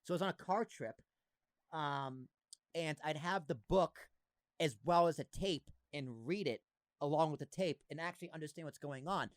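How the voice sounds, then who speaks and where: A man's voice: fairly high pitch, moderate pace, dry recording. A man in his thirties hosting a podcast, chatting casually and animatedly, with lots of fillers and some swearing. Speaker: podcast host. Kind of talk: casual chat.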